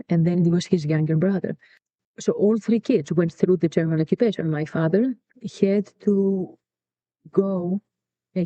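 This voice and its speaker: A woman's voice: fairly low pitch, dark tone, dry recording. A middle-aged woman from Greece, telling family stories in an interview, reflective and repeating words as she searches for them. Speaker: podcast guest and co-founder. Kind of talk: personal storytelling in an interview. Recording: dull lo-fi dry recording.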